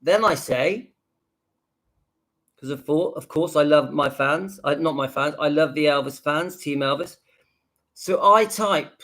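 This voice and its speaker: A man speaks in a notably high voice, hosting his own channel. He rants with indignant emphasis in a reaction video and keeps hammering the same points. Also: unhurried, fairly bright tone. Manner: indignant, emphatic, repeats himself. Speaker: YouTube channel host.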